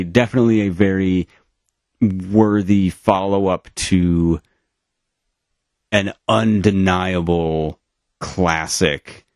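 A man's voice: low voice, dry recording, clean studio sound. A man co-hosting a podcast in casual chat, rambling with many fillers and restarts over a remote call. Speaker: podcast co-host.

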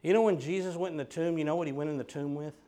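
Pastor guy preaching hard at the congregation, kinda high pitched. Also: very fast, warm tone. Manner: emphatic, confronting listeners directly. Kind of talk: sermon.

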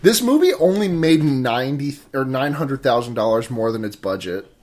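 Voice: mid-range voice, animated, normal speed, darkish tone. A young adult co-hosting a casual movie podcast, rambling and profane, full of filler words. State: coughing. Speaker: podcast co-host.

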